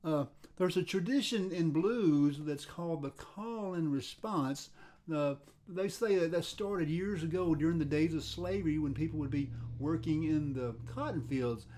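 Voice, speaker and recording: An older man giving a casual guitar lesson, talking in a relaxed, halting way and often repeating words as he restarts his sentences. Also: fairly high pitch. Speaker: guitar teacher. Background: faint guitar playing.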